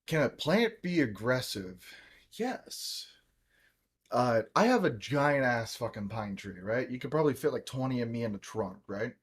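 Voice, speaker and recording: Male podcast co-host, brash storyteller, mid pitch, loose and profane. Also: lively intonation, moderate pace, husky. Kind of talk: casual podcast chat.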